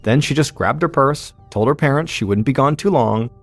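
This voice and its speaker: A man narrating a true-crime story in a steady, suspenseful scripted style as podcast host. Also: mid-range voice, normal speed, vocal fry, no echo, soft background music.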